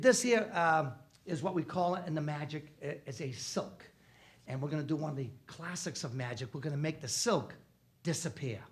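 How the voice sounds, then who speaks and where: A man from the doing a comic magic routine full of jokes, a hammy showman who swings from loud to quiet. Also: on the high side. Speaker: comedian guest doing a magic bit.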